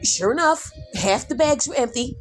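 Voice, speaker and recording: A middle-aged woman hosting a podcast, telling a story loudly and animatedly, talking straight to her listeners and swearing casually. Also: high voice, moderate pace, faint music behind. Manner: animated, loud, addresses listeners directly, swears. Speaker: podcast host.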